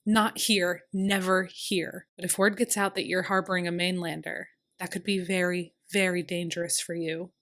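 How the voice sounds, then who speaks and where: A woman's voice: lowish voice, level tone, moderate pace, few pauses. A woman reading a pleading young lover. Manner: gentle, pleading. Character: young man, a grieving departing lover. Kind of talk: audiobook character reading.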